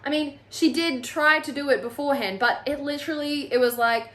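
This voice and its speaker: A woman's voice: high voice, a little fast, hardly any pauses, a bit bright. A woman reviewing a book on her channel in a casual, sarcastic and exasperated way, often mocking the characters.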